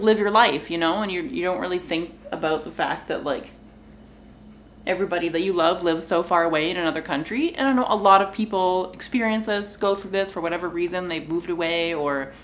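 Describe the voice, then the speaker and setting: Sitting on her kitchen floor at home, a young woman vlogger rambles casually to the camera, sighing now and then, laughing, and talking to her dogs. Her voice is medium-pitched with a fairly bright tone, and there's a little hiss or hum in the recording.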